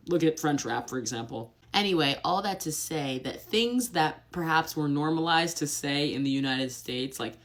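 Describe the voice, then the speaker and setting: Young woman, low-pitched, direct conversational vlogger with a wry tone. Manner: chatty and direct, with quick asides and mocking impressions. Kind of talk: casual talking-to-camera vlog.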